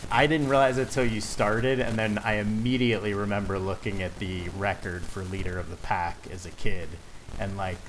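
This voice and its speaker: A man's voice: lowish voice, flat delivery, normal speed. A man co-hosting a casual music chat, laid-back and rambling, laughing often. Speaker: podcast co-host. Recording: noisy background hiss.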